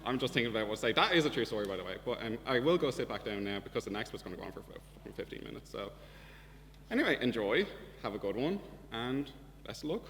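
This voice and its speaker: A young Irish man telling a comic story in a profane, deadpan way as a student debate speaker in a debating chamber. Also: mid-range voice, fast talker. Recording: reverberant hall with faint hum.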